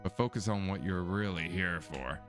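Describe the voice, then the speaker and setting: A man putting on a gruff secretive old man. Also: low-pitched, normal speed, a bit bright, faint music behind, pitched below the performer's own voice.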